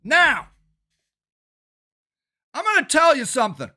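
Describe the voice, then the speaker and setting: Older male activist, high strained shouting rant, harsh and profane. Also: very animated. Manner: shouting, swearing, fast and agitated. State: angry and worked up. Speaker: local activist and city council candidate. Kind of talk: angry ranting monologue.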